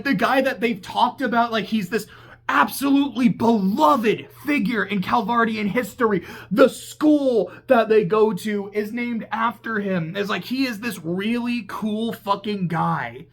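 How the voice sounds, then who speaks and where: A game reviewer ranting in a casual video essay, excitable and profane, rambling and laughing at their own tangents. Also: mid-range voice. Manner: laughs mid-sentence and corrects itself.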